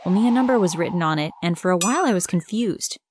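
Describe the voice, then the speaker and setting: A woman narrating an animated first-person story, in a conversational tone that speaks straight to the viewer. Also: lowish voice, fast, a little hiss or hum.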